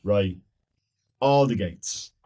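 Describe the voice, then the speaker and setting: A man's voice: lowish voice, drawn-out words, dark tone, slightly rough. A man playing a tabletop roleplaying game, blunt and profane in his banter. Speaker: player.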